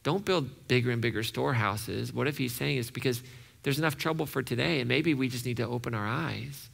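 This pastor's sermon is lively, and he acts out the voices of the people he quotes. His voice is mid-range and gravelly.

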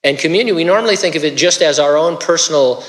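A man preaching a conversational sermon as a pastor, relaxed, with joking asides and small restarts. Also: a little high, quick pace, long reverb tail.

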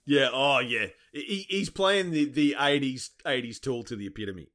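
A man co-hosting a casual movie podcast, chiming in with animated reactions and laughter. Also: medium pitch, normal speed. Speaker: podcast co-host.

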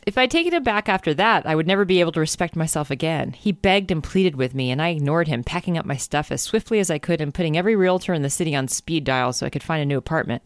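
A man's voice: a little high, animated, quick pace, hardly any pauses, smooth, no room sound, studio quality. A man co-hosting a comedy podcast, reading a book aloud and riffing on it in a jokey, laughing way. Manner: jokey, reads passages then riffs with laughter.

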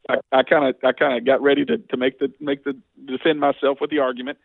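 A man in his forties talks fast and earnestly as a guest, often stumbling over his own restarts. His voice has a gravelly, fry-heavy edge. It comes through a tinny, phone-like line with a dry sound. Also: mid-range voice, little pitch movement, no echo. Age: 40s. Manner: earnest, rapid talker with frequent restarts. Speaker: state legislator, guest. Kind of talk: casual interview, storytelling.

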